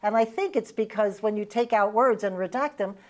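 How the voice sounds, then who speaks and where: A middle-aged woman with a Vermont accent, a host and former legislator, leads a relaxed interview chat. Speaking a little fast in a mid-range voice, she converses easily, recalls old stories and laughs readily.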